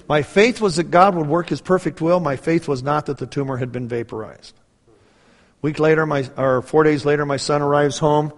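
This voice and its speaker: A middle-aged man preaching a personal testimony, telling his story in a lively way and acting out the dialogue. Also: fairly high pitch, moderate pace. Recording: reverberant hall.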